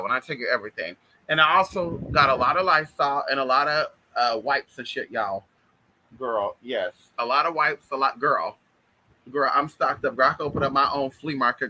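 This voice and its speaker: A man's voice: mid-range voice, sharp tone, slight background noise, low-quality recording. A man chatting casually to camera in a sassy way, swearing a lot and calling everyone girl and honey. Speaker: vlogger.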